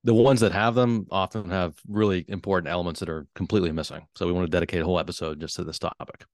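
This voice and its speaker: A man who works as a wealth advisor, explaining business topics on a podcast in a measured, earnest way. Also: deep voice, fairly even intonation, no echo, clean studio sound. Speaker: wealth advisor, show host.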